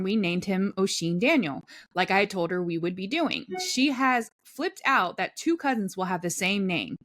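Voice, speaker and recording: A woman co-hosts a casual podcast at an ordinary middle pitch. She chats easily, laughs often and reads posts aloud in a relaxed, conversational way. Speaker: podcast co-host.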